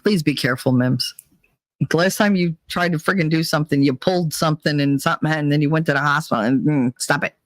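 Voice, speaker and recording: A man's voice: on the high side, quick pace, dry recording, rough recording. A middle-aged man from New Jersey with a New Jersey accent, hosting a live stream in rambling, profane casual chat, laughing often. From New Jersey, USA.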